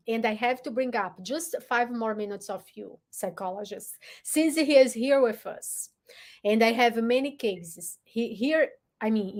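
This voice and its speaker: A woman hosting a live stream, giving earnest, encouraging relationship advice in a deliberate way. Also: on the high side. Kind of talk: motivational live talk.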